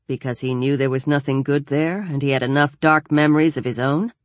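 A woman narrating an audiobook in an even, measured storytelling manner. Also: rumbling low, dry recording. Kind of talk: scripted narration.

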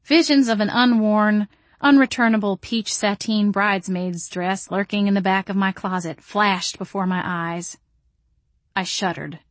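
A woman's voice: mid-range voice, steady tone, unhurried, no echo. A woman narrating a novel in first person with a dry, wry delivery. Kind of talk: audiobook narration.

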